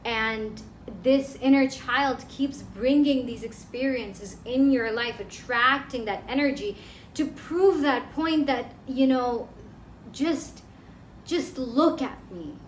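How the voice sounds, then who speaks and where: A woman's voice: high-pitched, takes it slowly, a little hiss or hum. A woman coaching viewers in a self-help lesson, talking earnestly and conversationally and often repeating herself. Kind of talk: instructional talk to camera. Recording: echoey room with faint ambience.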